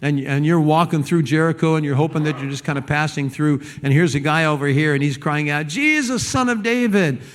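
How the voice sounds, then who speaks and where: With a fairly high voice, this pastor preaches briskly and barely pauses. His sermon is animated and conversational, with stumbles over repeated words and performed voices for the people he quotes.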